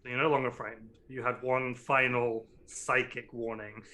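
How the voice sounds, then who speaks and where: Bright-voiced man narrating as game master. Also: medium pitch, moderate pace. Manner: relaxed descriptive narration with many ums.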